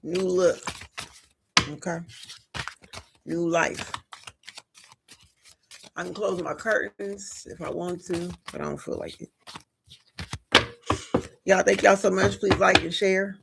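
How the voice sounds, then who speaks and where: A woman tarot reader doing a live reading, unhurried and drawn out, with a gravelly edge to her voice. She talks to her viewers in a loose, slangy way and keeps dropping in little conversational check-ins. There is a faint hiss in the background. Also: fairly low pitch, fairly even intonation. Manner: casual, slangy, addresses viewers directly; chatty with frequent filler asides.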